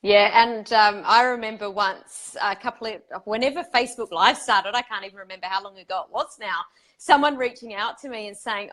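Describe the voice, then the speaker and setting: Bright-voiced woman hosting an interview. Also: on the high side, fairly quick. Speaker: podcast host. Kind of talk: conversational interview.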